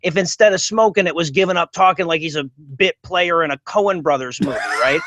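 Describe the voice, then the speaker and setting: A man with a high-pitched voice jokes deadpan as a podcast guest. His voice is recorded dry and close, with no room around it. He delivers absurd promises with a straight face. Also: fairly quick, dry recording. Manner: deadpan joking. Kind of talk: comedic podcast chat.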